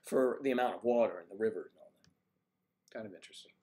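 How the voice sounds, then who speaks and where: A man's voice: lowish voice, quick pace, dark tone. Rambling man hosting a livestream. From United States. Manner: rambling, chatty, wandering between topics. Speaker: livestream host. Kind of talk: casual chat answering viewer comments.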